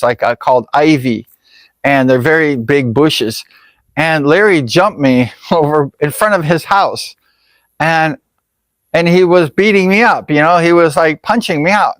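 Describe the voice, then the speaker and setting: A man's voice: on the high side, a bit bright, no room sound. A man vlogger telling a personal story in a casual, rambling way, full of fillers. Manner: rambling, full of "like" and "you know".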